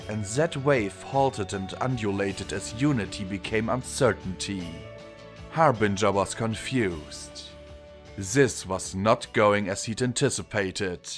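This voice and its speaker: A man narrating a fan fiction audiobook in a measured storytelling manner. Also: lowish voice. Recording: long reverb with faint music.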